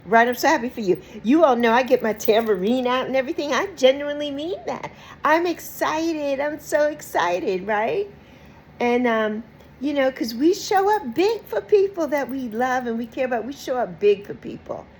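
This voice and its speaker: A woman's voice: high-pitched, moderate pace, slight background noise, rough recording. A woman hosting her own channel, talking casually and emphatically to her viewers, repeating phrases, often ending lines with "right?" and breaking into laughter. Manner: expressive, with bursts of laughter and mock quoted voices. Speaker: YouTube host. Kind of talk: casual talk to camera.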